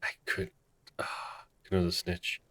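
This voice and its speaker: A man's voice: a little slow, bright, forceful tone. A man streaming a game, hesitant and self-deprecating, reading the dialogue aloud. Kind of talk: casual let's-play commentary.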